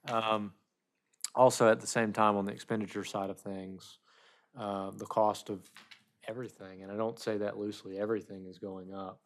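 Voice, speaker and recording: A man's voice: fairly low pitch, level tone, moderate pace. A man giving the town manager's report at a council meeting, speaking off the cuff with fillers and restarts.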